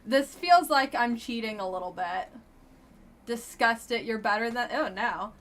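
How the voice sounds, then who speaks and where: A woman's voice: a little high, animated, a little slow, a bit bright. A woman streamer casually commenting on a dating game she plays live, with a blunt, wry and chatty manner.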